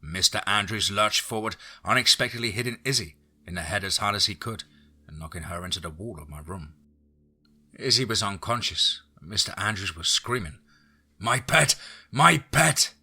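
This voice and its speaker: Husky man narrating a horror story. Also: deep voice, fairly quick. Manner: steady, first-person storytelling.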